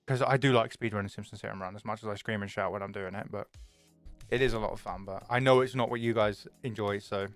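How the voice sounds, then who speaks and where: Young streamer man, smooth chatty voice. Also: lowish voice, fairly even intonation, dry recording, faint music behind. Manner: chatty, jokey, quick to swear. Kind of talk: casual chat with viewers.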